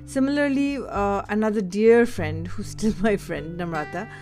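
A woman talks through her own memories in a candid, thoughtful monologue. She pauses and restarts as she looks for the right words. Her voice sits at a middling pitch, and gentle guitar music plays faintly in the background. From India (Delhi). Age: adult. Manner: candid, reflective, searching for words. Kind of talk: personal storytelling monologue.

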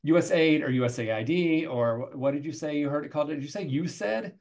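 A woman's voice: low voice, quick pace, a little mellow. A woman interviewer and former instructor, friendly and affirming in a casual conversation.

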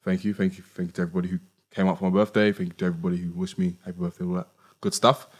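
A man's voice: deep voice, flat delivery, rapid-fire, slightly rough. A man, hosting a casual podcast chat in a laid-back, rambling way. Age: 20s. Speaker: podcast host.

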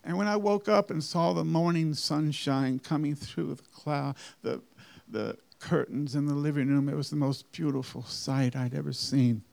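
A man slowly recounting a personal testimony in an earnest way, with deliberate phrasing and halting restarts. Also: fairly high pitch, steady tone, creaky, a little mellow. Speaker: storyteller giving a personal testimony. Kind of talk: slow, earnest spoken testimony.

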